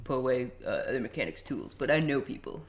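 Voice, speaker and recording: A man's voice: medium pitch, lively intonation, quick pace. A nineteen-year-old man co-hosting a casual podcast, rambling and swearing a lot. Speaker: podcast co-host. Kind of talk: casual joking chat.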